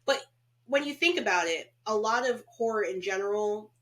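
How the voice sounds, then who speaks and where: A woman's voice: medium pitch, moderate pace. Chatty woman podcast co-host. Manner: animated, acts out quoted characters. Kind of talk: casual movie review chat.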